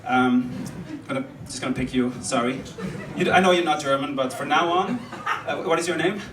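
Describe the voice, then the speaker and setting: Here a young man performs stand-up at a club, drifting chattily from bit to bit and cracking himself up. He speaks on the high side and slightly fast. The audio is roomy and distant, with the crowd heard in the background.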